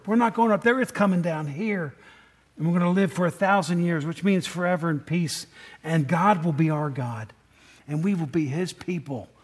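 A man's voice: on the high side, darkish tone, slightly rough. A middle-aged man preaching a sermon in a conversational way, often asking the congregation questions. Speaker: pastor.

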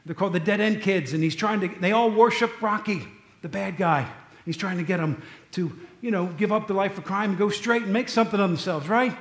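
A man's voice: high voice, brisk, few pauses, a bit bright, echoey room. A man preaching a sermon, telling stories in a loose, conversational way with asides to the congregation. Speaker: pastor.

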